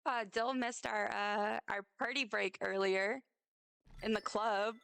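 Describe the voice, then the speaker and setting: Raspy-voiced lady streamer, gravelly and chatty, just yapping to chat as she plays. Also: mid-range voice, steady tone, slow, a bit bright, slight background noise. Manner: rambling, chatty, addresses chat directly. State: hoarse, partly lost voice. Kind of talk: casual livestream chat while playing.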